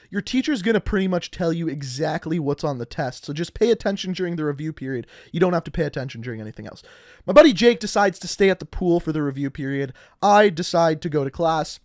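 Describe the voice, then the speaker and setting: A young man from Canada casually telling funny school stories, animated and acting out the people he quotes. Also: a little high, no room sound, clean studio sound. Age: young adult. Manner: animated, acts out quotes with laughs. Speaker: storyteller. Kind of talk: casual storytelling.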